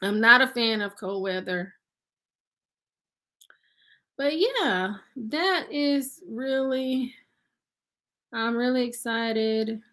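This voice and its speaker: A chatty woman hosts a casual live stream and reads viewer comments aloud. Her voice sits high and bright. She talks at an unhurried pace, says "y'all" and laughs easily. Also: lively intonation. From Nashville, Tennessee resident. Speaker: livestream host.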